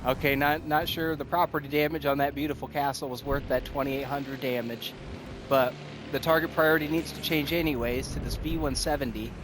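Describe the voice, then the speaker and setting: A man giving excited, casual commentary over his own gameplay, out of breath, laughing often and talking to himself as the action swings. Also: mid-range voice, brisk, noisy background. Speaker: gaming streamer.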